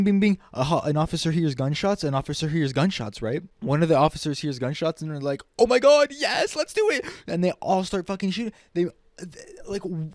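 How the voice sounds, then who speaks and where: A young man ranting angrily as a vlogger, profane and heated, jumping from shrill mockery to low, weary muttering. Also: darkish tone, dry recording, studio quality. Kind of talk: angry ranting commentary.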